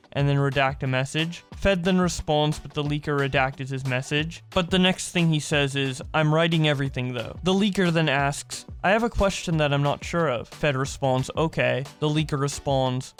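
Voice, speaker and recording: A man hosting a commentary video, reading out message exchanges aloud and adding short reactions of his own. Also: fairly high pitch. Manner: reads message exchanges aloud in a flat narrating voice, with brief reactions. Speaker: commentary host.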